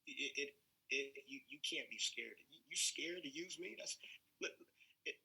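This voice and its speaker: A man coaching a group on a call in a casual, animated way, stumbling over and repeating his words as he pushes ahead. His voice is very bright and edgy but carries a husky, rough grain. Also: fairly high pitch, measured pace, low-quality recording. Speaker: host and coach.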